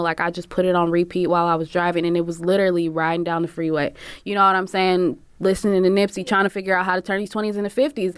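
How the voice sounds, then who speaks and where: A woman's voice: lowish voice, clean tone, dry recording. A woman, a barber and singer, telling her own story frankly with plenty of cursing, often acting out what other people said. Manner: frank and profane, many "like" fillers, acts out quoted voices. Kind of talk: candid personal storytelling.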